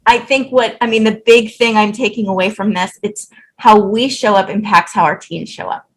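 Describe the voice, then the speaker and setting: A woman's voice: medium pitch, steady tone, normal speed, low-quality recording. A woman hosting a parenting podcast, summing up her guest's points thoughtfully before asking the next question. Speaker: podcast host. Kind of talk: conversational interview.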